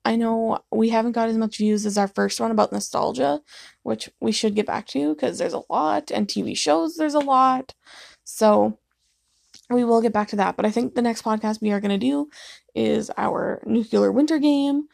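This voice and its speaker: A woman's voice: a little high, moderate pace, gravelly, a little mellow, no room sound. Sleepy young woman podcasting late at night. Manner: rambling, apologetic, laughs often. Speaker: podcast host. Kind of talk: casual solo podcast chat. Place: living room at home.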